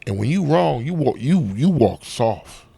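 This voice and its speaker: A man, an actor and comedian, telling profane, animated stories in a casual interview backstage at a comedy club. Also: mid-range voice, a little slow, creaky. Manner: profane, animated storytelling with acted-out quotes.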